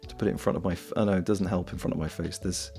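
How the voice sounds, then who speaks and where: A man's voice: low voice, steady tone, rapid-fire, creaky, dark tone. A young Welsh man with a Welsh accent, chatting casually and jokily while knitting on a stream, swearing freely. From Wales. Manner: rambling, jokey, swears freely. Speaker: streamer and voice actor. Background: faint lo-fi music.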